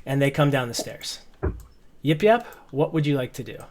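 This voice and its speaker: A man narrating a tabletop game as game master over a video call, telling the story in an animated way and often repeating words. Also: mid-range voice, normal speed.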